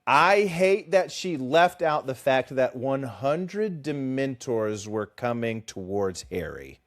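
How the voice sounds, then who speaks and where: A man co-hosting a casual book podcast, animated and teasing, laughing often as he talks. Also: mid-range voice, slow pace. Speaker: podcast co-host.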